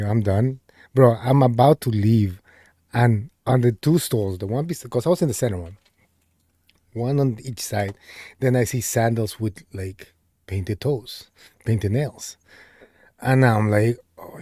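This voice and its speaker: A man's voice: medium pitch, unhurried, dry recording, studio quality. Laughing bro-talking man. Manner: laughs often, says "bro" a lot, animated retelling. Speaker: podcast co-host. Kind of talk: casual storytelling chat.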